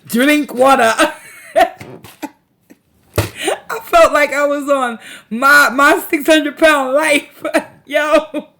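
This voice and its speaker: A woman's voice: sits high, very slow, pauses often, bright, forceful tone. A woman hosting a casual livestream, chatting with viewers in a slangy, laughing way and reading their comments aloud. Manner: slangy, laughs a lot, talks to chat. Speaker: tarot reader and livestream host.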